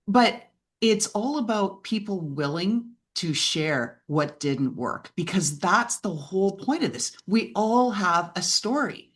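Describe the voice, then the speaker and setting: A woman speaking as a podcast guest and business mentor, telling lively stories, acting out quoted voices and often asking "right?". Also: medium pitch, takes it slowly. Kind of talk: animated interview conversation.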